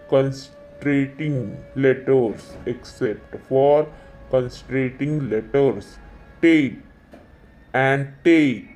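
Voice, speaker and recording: A man giving a slow exam-revision lesson, repeating each definition several times. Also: mid-range voice, warm tone. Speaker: teacher.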